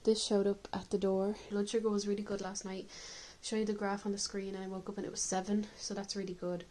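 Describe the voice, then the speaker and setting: A woman's voice: mid-range voice, level tone, fast talker, warm tone, slight background noise, low-quality recording. Woman vlogger, candid and chatty, home video diary, the odd cough. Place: indoors at home.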